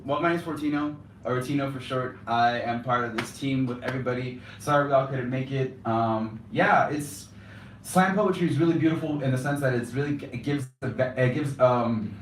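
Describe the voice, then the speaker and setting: A man's voice: medium pitch, moderate pace, background noise. A young man performing slam poetry live, moving between Spanish and English in a rhythmic spoken-word delivery. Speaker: slam poet. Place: cafe performance space, indoors. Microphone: room mic from a distance. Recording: echoey cafe room, distant mic.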